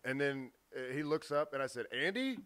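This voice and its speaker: A man co-hosting a casual podcast tells a rambling story, livening up when he acts out the others in it. His voice is smooth and clear at an ordinary pitch. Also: little pitch movement, brisk, fairly bright tone, dry recording. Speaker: podcast co-host.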